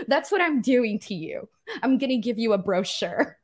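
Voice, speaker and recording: A woman's voice: fairly high pitch, expressive, moderate pace. A woman co-hosting a casual wrestling podcast, reading viewer comments aloud and laughing often. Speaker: podcast co-host.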